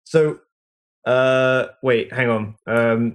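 A man co-hosting a casual podcast chat, playful and jokey, quick to laugh, talking from a small closed-up room at home. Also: mid-range voice. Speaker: podcast co-host.

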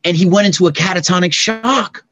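A middle-aged man, a podcast guest, telling stories in casual conversation and acting out sounds and dialogue with lively energy. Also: high voice, fairly quick. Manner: animated, acts out sounds and dialogue.

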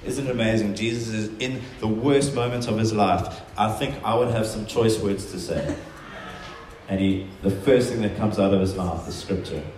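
Earnest low-voiced male preacher, echoey room. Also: normal speed, darkish tone, a little hiss or hum. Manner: earnest, emphatic, with spoken quotations. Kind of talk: sermon.

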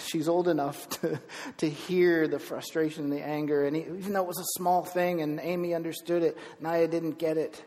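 A middle-aged man preaching a sermon as pastor, telling stories with lively bursts of emphasis. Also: fairly high pitch, moderate pace, big-room sound. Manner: storytelling, animated with bursts of emphasis. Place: church sanctuary.

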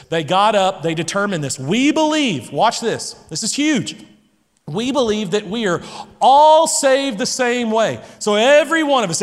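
A male pastor preaching a sermon with emphasis, repeating key phrases and moving between loud declarations and hushed lines. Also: high-pitched. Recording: long reverb from a large hall.

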